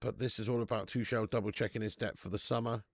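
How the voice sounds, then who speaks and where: A man's voice: fairly low pitch, steady tone, quick pace, dry recording, studio quality. A man hosting a live football watch-along, swearing and laughing as he bants with viewers in the chat.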